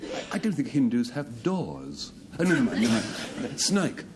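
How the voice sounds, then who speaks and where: A man's voice: medium pitch, sing-song, measured pace, background noise. Playful man, wildly swooping voice. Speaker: team captain on a panel game. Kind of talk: jokey panel banter.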